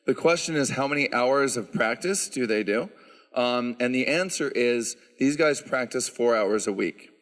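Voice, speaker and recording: A man who directs a handbell choir, answering audience questions at a concert and explaining the instruments in a relaxed, chatty way with frequent "um"s. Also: medium pitch, moderate pace. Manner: explanatory, relaxed, lots of "um" fillers. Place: church sanctuary. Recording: reverberant church hall.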